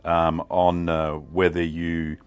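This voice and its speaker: Deep-voiced Australian man, chatty. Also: slow pace, smooth. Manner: chatty, relaxed, many ums and uhs. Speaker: cheesemaking channel host. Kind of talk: casual cooking vlog.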